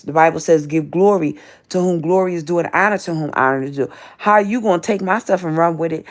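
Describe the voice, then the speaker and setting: A woman's voice: lowish voice, fast. A woman, hosting a livestream and ranting confrontationally at people she names, repeating herself as she reads the chat. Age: 50s. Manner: confrontational, repetitive, addresses people directly. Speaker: livestream host. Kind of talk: livestream rant reading chat.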